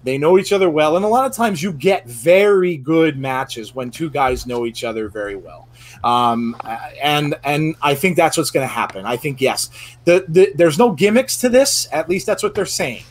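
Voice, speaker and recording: Rambling male podcast host, higher voice. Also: lively intonation, normal speed. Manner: rambling, filler-heavy with frequent restarts. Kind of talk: casual podcast round-table chat.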